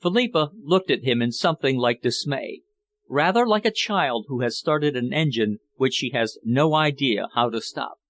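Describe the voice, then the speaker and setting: A man reading a novel aloud in measured, even scripted narration. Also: medium pitch.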